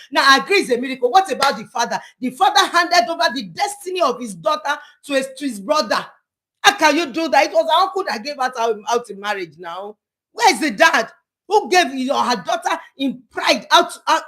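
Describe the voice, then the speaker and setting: A woman's voice: high-pitched, a bit bright. A middle-aged woman, a counselor and church speaker, talking to viewers live in an emphatic, pleading, preachy way that repeats phrases. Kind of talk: impassioned live talk to viewers.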